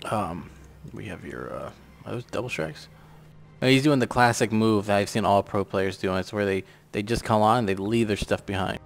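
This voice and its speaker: A man's voice: lowish voice, moderate pace, vocal fry. A man giving rambling, sarcastic casual commentary on a strategy game, swearing offhandedly. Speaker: gameplay commentator.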